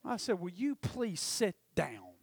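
A man preaching a testimony, storytelling with passion and swinging from loud to hushed. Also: high voice, wildly swooping pitch, slow pace, creaky, slight background noise. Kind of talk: sermon testimony.

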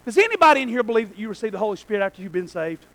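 A male pastor preaching a sermon in a church, swinging between shouted lines and quiet asides. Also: high-pitched, big pitch swings, very fast, rough recording.

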